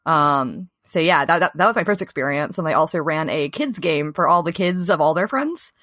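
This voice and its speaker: A woman in her thirties recalling her childhood in a relaxed, casual chat, laughing easily. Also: sits low, normal speed, dry recording, studio quality. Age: 30s.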